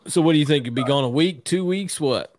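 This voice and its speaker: A man hosting a podcast, chatting casually in a relaxed, profane way. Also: on the high side, brisk. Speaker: podcast host. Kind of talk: casual chat.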